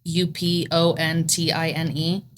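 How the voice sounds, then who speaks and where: A woman's voice: deep voice, completely flat delivery, a little slow. A woman from Ohio co-hosting a casual true crime podcast, rambling and joking with lots of likes. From Ohio, United States. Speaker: podcast co-host.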